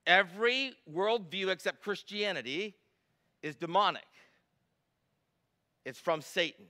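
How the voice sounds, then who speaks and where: A middle-aged man preaches with a notably high, bright and forceful voice. He drives his points home with emphatic repetition and rhetorical questions, passionate but in control. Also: animated, measured pace. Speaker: pastor. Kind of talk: sermon.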